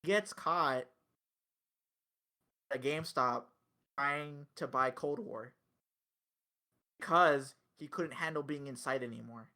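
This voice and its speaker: A young man hosting a casual podcast, talking in an animated way with swearing and quick laughs. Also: mid-range voice. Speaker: podcast host.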